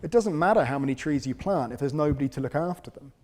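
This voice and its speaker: Man giving a relaxed lecture. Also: a little high, fast. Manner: self-deprecating, dry humour; relaxed, lots of fillers and repeats. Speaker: conference speaker on urban forestry. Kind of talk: conversational lecture.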